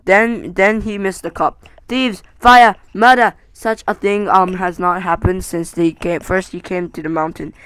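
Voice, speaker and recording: A man reading a novel aloud in a halting way, stumbling and restarting often. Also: high-pitched, little pitch movement, a bit bright, clean tone, no room sound, rough recording. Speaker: amateur audiobook reader.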